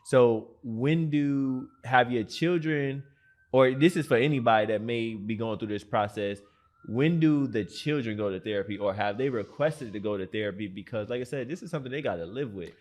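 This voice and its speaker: A man hosting a podcast interview, relaxed and slangy, often saying "mm-hmm" to back up his guest. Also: medium pitch, normal speed. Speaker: podcast host. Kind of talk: casual interview chat.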